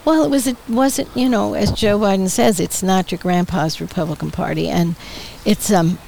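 An older woman, a retired politician, chatting as a guest in an interview on an outdoor patio, telling stories with animated quoted voices and frequent laughs. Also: medium pitch, normal speed, gravelly, slight background noise, low-quality recording. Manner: lively storyteller, acts out quoted voices, laughs often. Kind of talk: casual interview chat.

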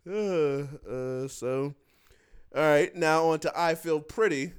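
A man's voice: fairly high pitch, slow, clean tone. A man co-hosting a casual chat about movie ratings, laid-back and slangy, laughing often. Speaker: podcast co-host.

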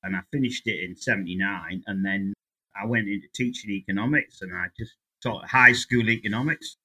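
A man's voice: lowish voice, a little fast, sharp tone, breathy edge. An English man in his sixties, a guest economist telling stories in a chatty, anecdotal way during a casual interview. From England.

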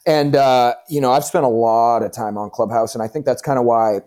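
A man hosting a podcast, chatting casually and telling animated stories with lots of fillers and casual swearing. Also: mid-range voice, brisk.

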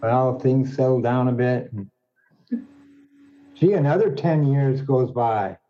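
A man telling a string of jokes in an unhurried, drawn-out storytelling manner. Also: medium pitch. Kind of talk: joke telling. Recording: dull lo-fi audio.

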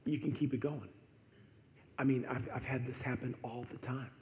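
A man preaching a sermon, animated and conversational, often dropping to softer tones for emphasis. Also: medium pitch, normal speed. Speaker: pastor. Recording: echoey hall with faint noise.

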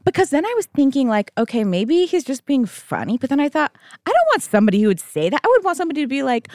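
A woman around thirty co-hosting a podcast, chatting casually and telling stories with lively acted-out quotes. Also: high-pitched, fast, no room sound, studio quality. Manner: animated storytelling, acting out quotes. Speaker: podcast co-host. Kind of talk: casual chat.

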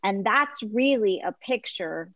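A woman guest on a faith interview, telling an illustration with lively voices for the crowd. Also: medium pitch, slow, no room sound, dull audio. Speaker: guest author.

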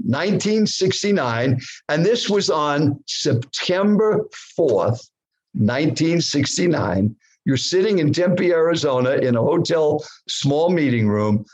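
A man's voice: fairly high pitch, measured pace, slightly rough, low-quality recording. A man in his seventies, a podcast guest, telling his story dramatically and putting questions straight to the host and the listener. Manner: animated, addresses the host directly, poses questions to the listener. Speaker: guest speaker.

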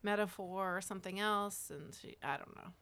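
A woman's voice: medium pitch, moderate pace, a bit bright, clear, resonant tone. A woman co-hosting a podcast, talking through a movie review in casual chat and thinking aloud as she goes. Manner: rambling, thinks aloud with many hedges. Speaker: podcast co-host.

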